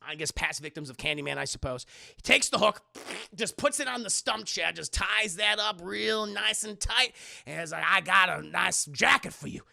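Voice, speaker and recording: Gravelly, bright-voiced profane streamer. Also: male voice, high voice, moderate pace. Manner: profane, animated, joking. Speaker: streamer, film reviewer. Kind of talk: live-stream film recap to chat.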